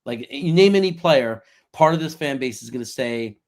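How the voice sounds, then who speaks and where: Animated man in casual football talk. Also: mid-range voice, moderate pace. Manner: animated, chuckling, talks in long run-on thoughts. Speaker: podcast co-host. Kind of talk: casual sports chat.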